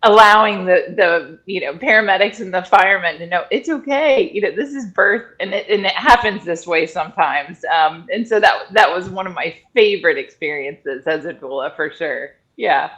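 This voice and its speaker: A middle-aged woman, a guest in an interview, telling stories in a lively conversational way and acting out other people's words. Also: fairly low pitch, moderate pace, few pauses, poor audio. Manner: animated storyteller, acts out quoted people in raised voices. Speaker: guest, functional medicine director and former doula.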